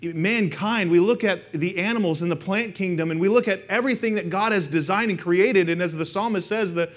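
A man's voice: high-pitched, a little fast. A middle-aged man preaching a sermon in a church, speaking casually with personal stories and talking straight to the congregation. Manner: conversational, anecdotal, speaks directly to the congregation. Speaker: pastor. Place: church sanctuary.

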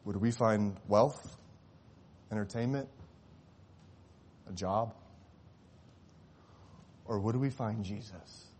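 A man preaching a sermon, telling a story and rising to impassioned cries before dropping to hushed, tender tones. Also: fairly low pitch, takes it slowly, long pauses, slight background noise. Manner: swells to impassioned shouting at climaxes, drops to hushed tones.

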